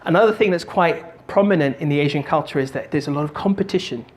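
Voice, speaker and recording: A man giving a motivational talk, telling a story in an animated, jokey way and doing voices. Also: a little high, fast. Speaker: motivational speaker and stand-up comic.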